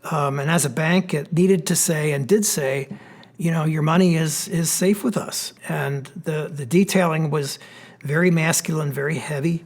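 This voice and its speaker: Pennsylvania guy, architect walking through slides, kinda husky, a bit high, lots of ums. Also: normal speed. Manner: relaxed, explanatory, with frequent fillers. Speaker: architect giving a history talk. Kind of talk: illustrated lecture with slides. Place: church hall.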